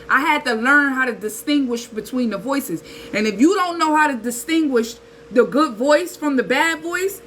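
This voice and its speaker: A woman, giving a casual spiritual talk in an animated, preachy way with slang and rhetorical asides. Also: high voice, slight background noise, poor audio. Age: 30s. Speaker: spiritual channel host.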